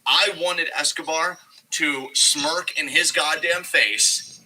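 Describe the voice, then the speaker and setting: A man co-hosting a wrestling review show, rambling in an animated way and swearing often. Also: on the high side, slow, poor audio. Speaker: podcast co-host. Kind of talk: casual wrestling review chat.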